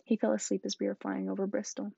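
A tender-hearted giant of a man from a storybook, rough and homely in his speech and quick to tears, played by a woman reader. The voice comes out gravelly and husky, set in a dull, lo-fi recording. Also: mid-range voice, monotone, dark tone, dry recording. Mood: earnest. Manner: rough, homely, sobbing easily. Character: huge gentle tearful male giant. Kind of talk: storybook reading.

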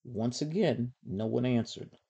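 A woman reading a children's story aloud, gentle and measured. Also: a bass voice, gravelly, slightly rough, highs cut off. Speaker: storybook reader.

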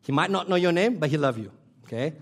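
A man pastor preaching a sermon with passion, repeating key phrases and swinging between loud emphasis and hushed near-whispers. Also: fairly high pitch, lively intonation, quick pace. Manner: emphatic repetition, non-native grammar slips.

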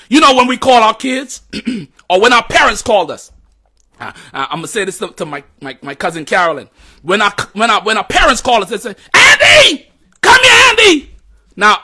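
A man's voice: very high-pitched, sharp tone. A man preaching a sermon in an emphatic, repetitive cadence, closing in prayer.

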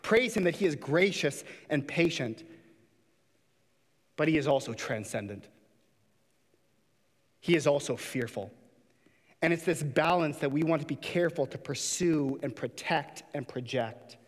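A man's voice: on the high side, lively intonation, a little slow, pauses often, in a large hall. A man preaching a sermon in a church, impassioned, sometimes putting on mocking voices to make a point. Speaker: pastor.

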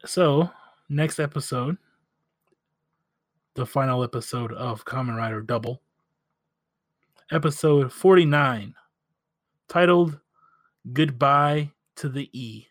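Male podcast co-host, relaxed recap, dry close sound. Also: mid-range voice, slow, pauses often, no room sound. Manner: relaxed, recaps plots then chats. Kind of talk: casual episode recap and review.

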